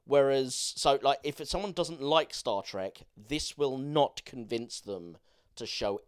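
A man's voice: mid-range voice, slow, clear, resonant tone. A man talks through a film on a podcast in loose, enthusiastic, rambling chat. He has a mid-range voice and swears casually as he goes. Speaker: podcast co-host.

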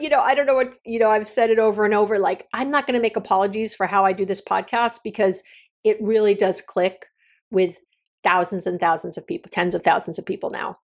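A woman's voice: medium pitch, darkish tone. A woman hosting her own podcast, talking candidly and from the heart, with frequent restarts and trailing thoughts. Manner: earnest, heartfelt, meandering with many restarts. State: near tears. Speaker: podcast host. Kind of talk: candid solo podcast talk.

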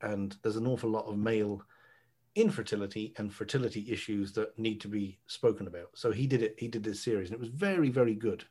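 A husky-voiced Irish man in a loose podcast chat, wandering through a long anecdote. His delivery is playful and rambling, with the odd swear word, and he takes his time getting to the point. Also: lowish voice, fast, a little mellow. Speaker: podcast guest, friend of host. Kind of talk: casual chat.

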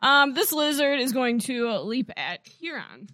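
A woman running a tabletop game as dungeon master, playful and quick to laugh while teasing her players. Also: high voice, expressive, sharp tone, no room sound.

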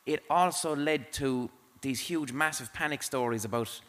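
A man's voice: mid-range voice, moderate pace, fairly bright tone. A man hosting a live podcast on a theatre stage before an audience, sweary and jokey. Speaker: podcast host.

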